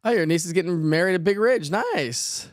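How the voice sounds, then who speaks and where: A man's voice: high voice, lively intonation, moderate pace, no echo, studio quality. A middle-aged man, hosting a live weather stream and answering viewers' chat in a chatty way, with many fillers. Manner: chatty, reads viewer comments aloud and answers them; frequent fillers and laughs. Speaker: weather show host.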